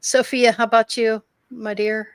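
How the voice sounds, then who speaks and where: A woman's voice: on the high side, flat delivery, moderate pace, smooth, no room sound, low-quality recording. A woman hosting a live discussion, affirming her guests and moving the talk along. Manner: supportive, affirming, frequent backchannels. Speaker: host.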